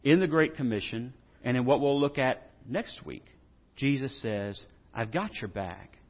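A male pastor delivers a sermon in a conversational, animated way. His voice sits mid-range and swings between soft passages and loud, emphatic bursts. The recording sounds slightly dull and lo-fi. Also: mid-range voice, measured pace. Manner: conversational, humorous asides.

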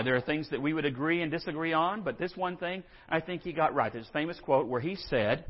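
A pastor preaching a sermon in a conversational way, asking rhetorical questions and acting out quotes. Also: male voice, on the high side. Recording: dull audio in a hall with long reverb.

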